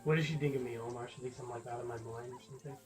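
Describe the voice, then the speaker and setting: A man's voice: mid-range voice, steady tone, racing, music in the background. A man giving casual gameplay commentary to a viewer, rambling and swearing, often restarting his words. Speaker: gaming channel host.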